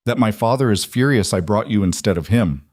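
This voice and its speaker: A guarded young woman doctor, nervous but firm, speaks low and quiet, as a man narrating puts her on. Her voice is a touch higher than his own but still lowish, recorded dry and close. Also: lively intonation, brisk, dry recording.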